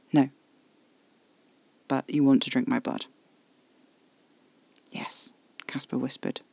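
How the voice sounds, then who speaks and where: A man narrating first-person horror fiction in a quiet, intimate, measured way. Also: mid-range voice, creaky, no room sound.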